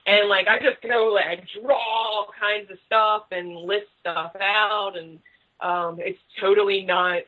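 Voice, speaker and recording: A woman talks in a chatty, animated way, swearing freely as a podcast guest. Her voice sits in a middling pitch, and the recording is a little muffled. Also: unhurried. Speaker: guest author. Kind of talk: casual podcast chat.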